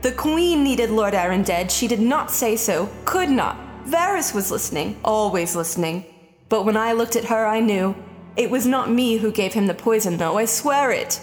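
A woman's voice: mid-range voice, expressive, normal speed, soft background music, close to an everyday voice. A woman reading an audiobook, voicing a frightened old male healer who whimpers his confession. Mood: fearful. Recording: long hall reverb.

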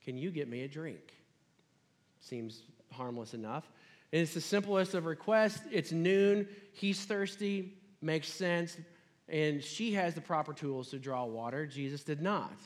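A man's voice: fairly high pitch, unhurried, in a large hall. A man preaching a sermon in a conversational, casual way, retelling a scripture story.

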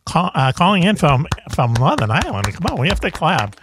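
A man's voice: on the high side, sing-song, a little fast, noisy background. A man hosting a radio talk show in a rambling, jokey way, often tripping over his words. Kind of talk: casual radio chat.

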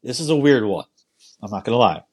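A man hosting a casual podcast, easygoing and quick to laugh, often restarting his sentences. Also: medium pitch, lively intonation, slightly rough. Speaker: podcast host.

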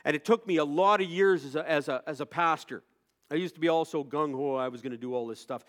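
A male pastor preaching a sermon, moving from quiet storytelling to loud, impassioned preaching. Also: fairly high pitch, fast talker.

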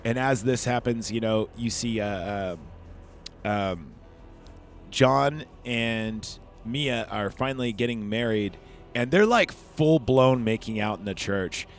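A man's voice: medium pitch, takes it slowly, soft background music. A man hosting a podcast, recapping a movie in a rambling, chatty way and swearing freely. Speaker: podcast host. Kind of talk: casual film review.

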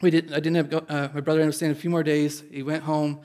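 A man who pastors in Indiana relates a personal anecdote to an audience at a quick pace. He's expressive and self-mocking, and his pitch sits somewhat high.

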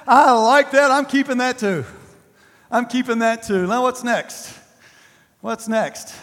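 A smug, complacent believer mutters his self-satisfied approval, as a preacher acts him out. The voice sits high for a man, and a long hall reverb trails each phrase. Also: slow pace, a bit bright, heavily acted. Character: complacent believer picking favorite verses, adult man.

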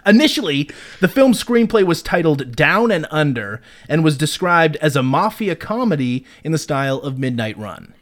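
Animated man co-hosting a movie podcast. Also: fairly high pitch, normal speed, hardly any pauses. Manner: animated, swearing, laughing often. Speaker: podcast co-host. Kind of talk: casual movie review chat.

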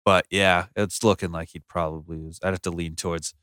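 A man's voice: sits low, a little fast, smooth, dry recording, clean studio sound. A man co-hosting a casual podcast, talking bluntly and swearing often. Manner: blunt, profane, animated. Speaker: podcast co-host. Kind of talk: casual crude chat. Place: small room with two others.

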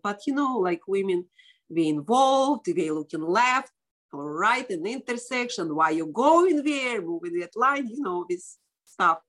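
A woman guest, a doctor, telling a dramatic personal story in casual interview talk, with non-native English grammar and lively quoted voices. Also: mid-range voice.

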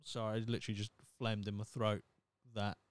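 A man's voice: fairly low pitch, level tone, a little fast, no room sound, clean studio sound. Blunt, sweary male podcast host. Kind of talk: casual solo podcast rant.

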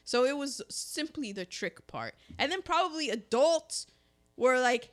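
Woman, co-host, casual chat, lively pitch swings, acts out quotes. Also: a little slow. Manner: animated storytelling, acts out the characters' lines. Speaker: podcast co-host. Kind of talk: casual chat recapping a film.

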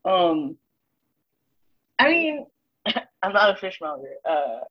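A woman's voice: on the low side, sing-song, slow, breathy edge. A woman in casual chat, laid-back and wry, heard through a dull lo-fi recording.

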